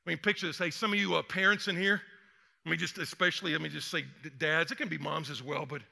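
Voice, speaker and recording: A man's voice: a little high, fairly even intonation, fast talker, gravelly, sharp tone. A man in his older years preaching a sermon as pastor, talking conversationally and acting out quoted voices with energy. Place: church sanctuary. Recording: long hall reverb.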